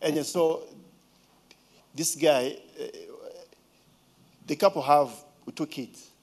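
A man's voice: on the high side, fairly even intonation, takes it slowly, darkish tone. A man with a Ugandan accent telling a casual story, asking rhetorical questions and now and then mimicking a child's voice.

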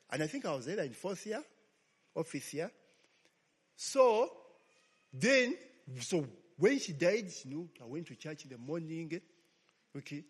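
Pastor preaching in a reverberant hall. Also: male voice, on the high side, slightly rough. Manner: call-and-response, frequent "okay?" checks. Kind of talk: sermon storytelling.

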